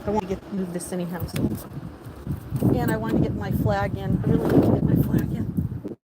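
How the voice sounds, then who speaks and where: A woman vlogs casually from her home kitchen and yard, chatting to viewers and talking to herself while cooking. Her mid-range voice is fairly even and a little fast, and the recording is very noisy.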